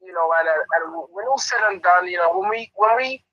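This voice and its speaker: A man, a boxing trainer chatting in an interview, animated and often laughing as he tells a story. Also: high-pitched, a little fast, no room sound, highs cut off. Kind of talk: casual interview chat.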